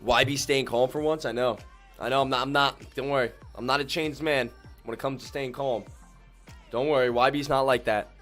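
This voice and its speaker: A man hosts a live day-trading stream, his voice at a middling pitch. He talks in loose slang, keeps calling out to his viewers, and veers from low calm muttering to sudden loud whoops. Faint music plays softly behind him. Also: moderate pace. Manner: slangy, keeps addressing viewers as ladies and gentlemen.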